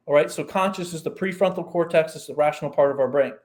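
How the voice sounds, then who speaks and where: A man in casual podcast talk, telling a story with a lively, rising and falling voice. His pitch sits a little high for a man, and he breaks up his explanations with quick asides. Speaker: performance coach guest.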